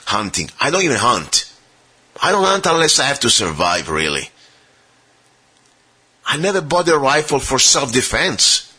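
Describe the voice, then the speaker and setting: A man's voice: medium pitch, bright, forceful tone, slightly rough. A man hosting a radio show, delivering an argumentative monologue straight to his listeners with lots of rhetorical questions.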